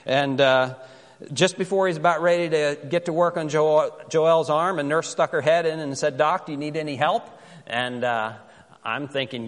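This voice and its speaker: Recorded in a large hall, a fairly high-pitched male pastor gives a sermon. He relates a story in a conversational way and reads scripture with slow care.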